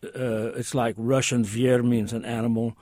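This male language expert, guest on a radio call-in program, wanders through his answers with lots of hesitations, asides and corrections of himself. He sounds warm yet flat, mid-pitched, with a dry, close-miked recording.

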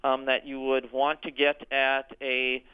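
An orchestra executive director answering radio interview questions, hesitant, with frequent ums and restarts. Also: male voice, mid-range voice, completely flat delivery, unhurried, clear, resonant tone. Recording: tinny phone line.

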